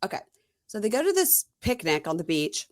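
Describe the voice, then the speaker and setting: A woman's voice: mid-range voice, very animated, a little fast, no room sound, studio quality. A woman podcast host in casual chat, retelling scenes with quoted dialogue in a wry, exasperated way. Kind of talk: casual chat recapping a reality show.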